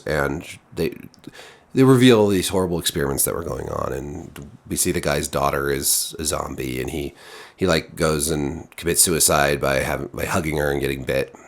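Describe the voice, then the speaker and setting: A man giving a casual spoken TV review, exasperated and rambling with many restarts. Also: extremely low pitch. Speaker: TV show reviewer.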